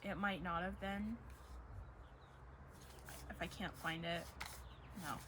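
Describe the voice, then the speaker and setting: A woman's voice: lowish voice, steady tone, slow, noisy background. A woman giving a casual tarot reading to camera, emotional and gushing, close to tears at times, with dogs barking in the background. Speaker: tarot reader.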